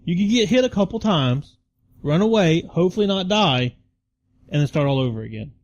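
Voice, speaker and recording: A man with a fairly high voice guesting on a gaming podcast. He gripes in an exasperated way, and his sound is dull and lo-fi. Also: lively intonation, a little fast. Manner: griping, exasperated. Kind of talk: casual podcast chat.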